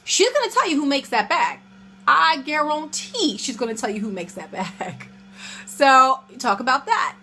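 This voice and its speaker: Bright, high-voiced young woman giving dating tips. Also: sing-song, normal speed. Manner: chatty, acts out both sides of pickup lines. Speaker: dating advice vlogger. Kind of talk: casual advice monologue.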